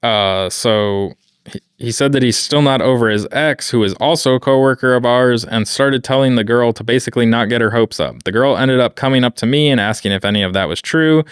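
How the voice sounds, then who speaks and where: A man's voice: mid-range voice, brisk, clean tone, dry recording, clean studio sound. A man co-hosting a podcast, reading a story aloud in a laid-back way with profane, wry asides. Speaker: podcast co-host reading stories. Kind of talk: casual chat and reading aloud.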